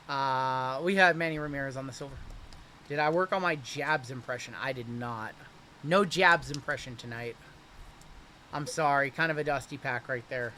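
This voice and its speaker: A man hosts a live card break, talking casually and reacting with upbeat energy as each pack opens. His voice is bright and forceful and sits a touch high. Faint ambient noise sits under the talk. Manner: chatty, upbeat, and quick to react to pulls.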